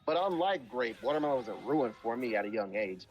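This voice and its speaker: Man, live stream chat, blunt and profane, emphatic, very lively intonation. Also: medium pitch, fast, lo-fi sound, soft background music. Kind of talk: casual chat.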